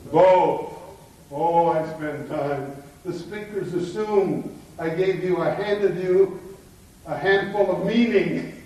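Older guy lecturing, warm mellow voice kinda high, booming echo from far back in a hall. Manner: anecdotal, emphatic teaching. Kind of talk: lecture to a live audience. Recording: echoey hall, mic far off.

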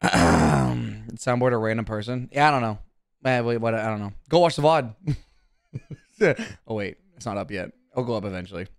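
A man's voice: on the low side, expressive, normal speed, vocal fry, no room sound, clean studio sound. A young man streaming casually, talking to his chat in a brash, profane, defensive way.

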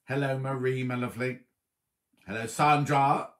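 A man hosting a casual live stream from home, chatting warmly and reading out viewers' comments, with a slight cough. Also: mid-range voice, fairly even intonation, moderate pace. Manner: chatty, affectionate, reads viewers' comments aloud. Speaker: livestream host.

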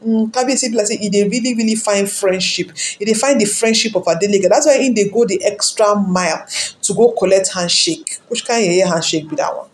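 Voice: medium pitch, fairly quick, slight background noise. Emphatic Nigerian gossip commentator. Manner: emphatic, repeats words, fires rhetorical questions. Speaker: celebrity news commentator. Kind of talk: casual pidgin commentary to camera.

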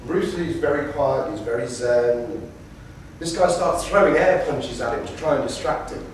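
A man's voice: mid-range voice, moderate pace, a little hiss or hum. A man giving a debate lecture to students, telling stories and acting out quotes as he goes, recorded from a distance in a lecture room. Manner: animated storyteller, acts out quotes. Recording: roomy hall from a distance.

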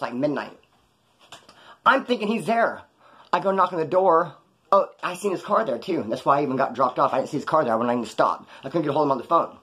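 A Californian man with a fairly high, fairly bright voice tells stories from his past during a live stream. He's casual and digressive, full of slang, and gives each quoted person their own acted-out voice.

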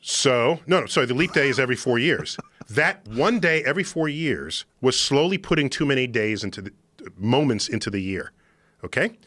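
A man explaining something to a podcast host in an emphatic, excitable lecturing manner. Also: mid-range voice, normal speed, dry recording. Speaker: podcast guest. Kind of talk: animated explanation in conversation. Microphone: studio podcast microphone.

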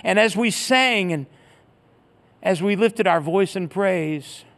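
A middle-aged man preaching a sermon through a personal story. His fairly high voice swings up and down as he acts out each person he quotes. He closes in a quieter, steady prayer. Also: takes it slowly. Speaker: pastor.

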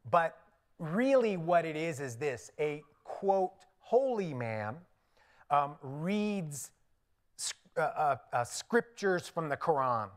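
A man's voice: on the high side, very animated, slow. A middle-aged man with an Indian accent, a pastor preaching a sermon in a church in a conversational, storytelling way, often laughing at his own asides. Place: church sanctuary.

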